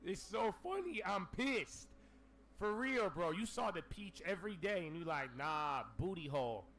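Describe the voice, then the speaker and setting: A man hosting a casual livestream, ranting in an animated, profane way with lots of slang. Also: high voice, normal speed, a little hiss or hum. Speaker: livestream host.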